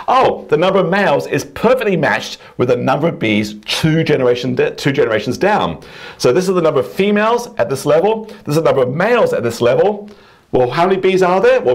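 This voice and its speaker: A man teaching a math lesson at a whiteboard, enthusiastic and quick to exclaim over the beauty of the ideas. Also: a little high.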